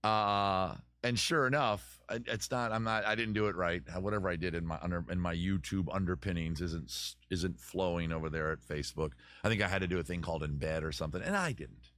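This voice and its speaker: A man's voice: low-pitched, a little fast, hardly any pauses, a bit bright, no room sound. Man, livestream host, casual chat, rambling, self-mocking jokes, close mic, dry sound. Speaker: host of a live-stream chat show. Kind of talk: casual live-stream chat. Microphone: close microphone.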